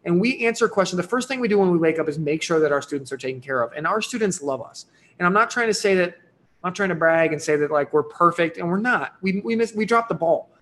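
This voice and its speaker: Enthusiastic man with a higher voice. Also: lively intonation, fast, a bit bright, a little hiss or hum. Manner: enthusiastic and pushy, with frequent "right?" and "here's the deal". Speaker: online course creator hosting a live sales stream. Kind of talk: livestream sales pitch.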